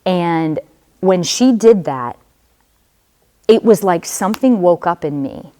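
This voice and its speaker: A woman's voice: fairly low pitch, animated, slow, warm tone. A woman, a religious sister, giving a personal testimony to students in a conversational storytelling manner, speaking straight to them with casual fillers.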